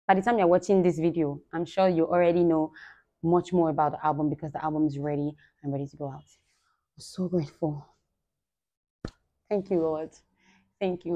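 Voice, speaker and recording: A woman delivers a warm-hearted thank-you speech to her fans. She is effusive and laughs often, jumping from loud, bright bursts to hushed, murmured gratitude. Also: medium pitch. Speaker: singer thanking supporters.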